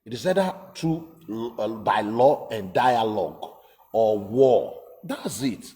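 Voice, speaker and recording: A man's voice: lowish voice, expressive, slow pace, warm tone. A man giving emphatic, casual political commentary, repeating himself and asking rhetorical questions.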